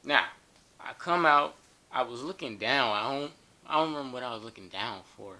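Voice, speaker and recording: Animated, bright-voiced joking man. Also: mid-range voice, moderate pace. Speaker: storyteller. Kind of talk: casual storytime.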